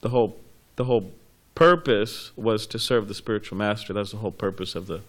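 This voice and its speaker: A man's voice: on the low side, fairly quick, fairly bright tone. A man in a class, telling a story casually and rambling with fillers and restarts. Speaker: class participant.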